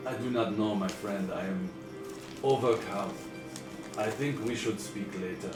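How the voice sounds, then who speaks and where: A weeping old dwarf mage speaks slowly and formally in a thick German accent, as a man puts him on. The voice sits low and unhurried, heard in an echoey room with music in the background. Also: far from the mic, close to an everyday voice. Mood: grieving. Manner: grieving, halting, formal speech. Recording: echoey backyard or living room with music behind.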